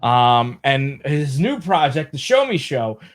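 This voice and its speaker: A man's voice: mid-range voice, sing-song, slow pace. A man co-hosting a casual show chat, enthusiastically plugging upcoming episodes. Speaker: co-host.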